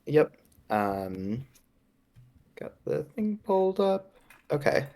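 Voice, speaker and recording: Very low-voiced, hesitant woman player. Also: big pitch swings, slow pace, warm tone. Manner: hesitant, with many fillers. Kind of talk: casual tabletop play.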